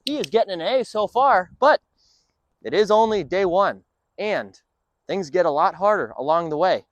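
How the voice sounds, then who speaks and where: Animated high-voiced man dog trainer. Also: moderate pace, no echo. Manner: upbeat explainer mixing in short firm commands to a dog. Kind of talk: explaining dog training while working a dog.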